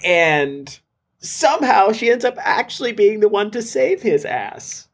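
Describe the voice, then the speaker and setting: A man's voice: high-pitched, sing-song, measured pace, vocal fry, slight background noise. A man co-hosting a podcast in casual chat, laughing often and acting out the players with dramatic impressions. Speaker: podcast co-host.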